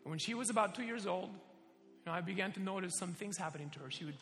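Man, preacher, high voice, animated storytelling, reverberant church hall. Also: fast, soft background music. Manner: animated storyteller, laughs often. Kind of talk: sermon with personal stories.

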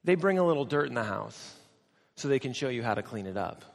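A man's voice: medium pitch, lively intonation, a little fast, creaky. A middle-aged American man preaching a sermon, telling a story with joking asides to the audience. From United States. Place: large church or conference hall. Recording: long hall reverb.

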